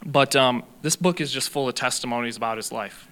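A man's voice: medium pitch, a little fast, a bit bright. A young man preaching a sermon in an earnest way, teaching on faith and healing. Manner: earnest, reads a long testimony aloud.

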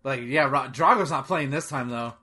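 A man co-hosting a casual movie watch-along, excitable and swearing freely, often laughing. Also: medium pitch, moderate pace, breathy edge. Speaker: movie commentary co-host. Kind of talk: casual chat.

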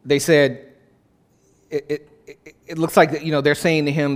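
A man's voice: on the high side, slow pace, long pauses. A male pastor preaching a sermon in a conversational way, repeating phrases for emphasis.

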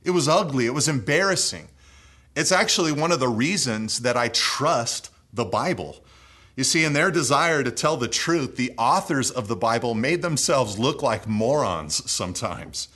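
An earnest preacher delivers a sermon in a man's voice of ordinary pitch. He pushes key phrases up and louder, then lets his sentences sink to a soft, low close. His delivery moves steadily from reading to explaining. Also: lively intonation, moderate pace, breathy edge. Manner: earnest preaching, swinging between raised emphatic phrases and low hushed endings.

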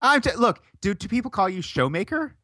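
A man's voice: high-pitched, very animated, brisk, sharp tone, no echo, clean studio sound. Teasing, stubborn podcast man. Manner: stubborn, teasing, laughs often. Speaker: podcast co-host. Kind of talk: casual banter.

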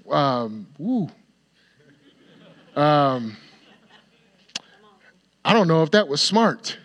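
A man preaching a sermon, acting out the dialogue of the story in an expressive way and sometimes dropping to a soft, near-whispered voice. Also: a little high. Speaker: pastor.

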